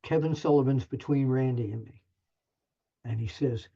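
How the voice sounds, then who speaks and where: Heard through muffled lo-fi audio, an older man, a journalist appearing as a guest, tells an animated anecdote in a chatty, self-deprecating way with plenty of restarts. His voice is medium-pitched, dark, creaky and slightly rough, at normal speed.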